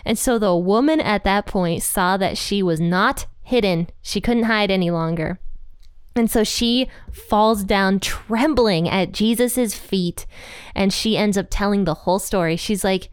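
A woman's voice: medium pitch, a little slow, smooth, dry recording, studio quality. Chatty woman teaching the Bible. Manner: chatty, full of "like" and "you know", laughs at the story. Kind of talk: casual Bible commentary.

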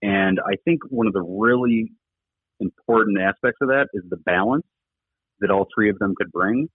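Husky man on a tinny phone line. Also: on the low side, moderate pace. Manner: earnest, rambling with many fillers. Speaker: former rugby coach, podcast guest. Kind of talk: casual conversational interview talk.

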